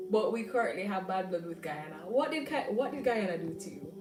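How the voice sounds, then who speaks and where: Jamaican girl chatting on stream, laughs a lot, echoey room, bit far off, soft music behind. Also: on the low side, moderate pace. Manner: animated, laughing, banters with viewers. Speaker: livestream host. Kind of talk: casual chat reading live comments. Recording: roomy echo, mic at a distance, faint music.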